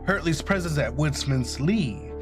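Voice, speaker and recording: A gaming streamer giving casual, sassy let's-play commentary with laughing asides, reading game text aloud. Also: male voice, on the high side, lively intonation, a little slow, music in the background.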